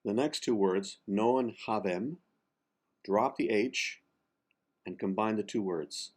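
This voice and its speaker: A man teaching the pronunciation of a song text, speaking slowly and carefully, spelling out sounds and repeating words one syllable at a time. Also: fairly low pitch. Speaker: diction coach. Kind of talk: pronunciation lesson for singers.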